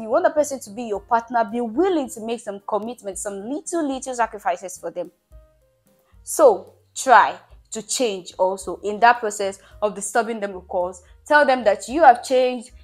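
A woman giving relationship advice in a casual monologue, emphatic and repetitive, coaxing her listener and laughing at herself. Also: fairly high pitch. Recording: faint music behind.

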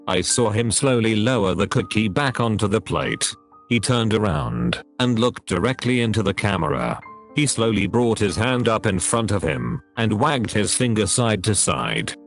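A text-to-speech male voice narrating a horror story in a flat, even delivery. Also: on the low side.

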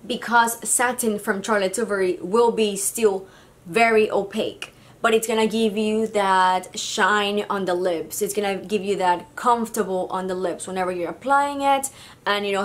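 A woman from Mexico with a Mexican Spanish accent, giving a chatty, gushing makeup review full of fillers. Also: mid-range voice. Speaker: beauty vlogger.

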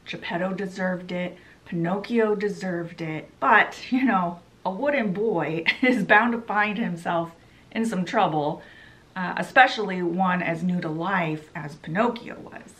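A woman's voice: fairly low pitch, measured pace, fairly bright tone, rough recording. A woman casually retelling a book in a chatty, loose way. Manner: chatty, loose with lots of "she's like". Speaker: book vlogger.

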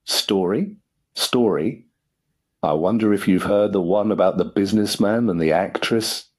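A man playing a flustered young English gentleman. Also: fairly low pitch, unhurried. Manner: fussy, flustered and dithering.

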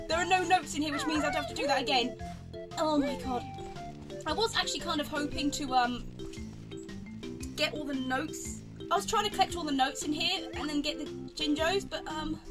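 A woman giving casual commentary on a video game she plays, rambling and excitable, often exclaiming and repeating herself. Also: high-pitched. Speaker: let's play gamer.

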